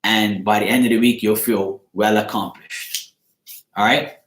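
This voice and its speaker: A man's voice: lowish voice, fairly even intonation, unhurried, a bit bright, roomy sound, a little hiss or hum. A man giving a casual tarot reading on a livestream, rambling loosely, swearing now and then and breaking off to greet viewers. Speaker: tarot reader.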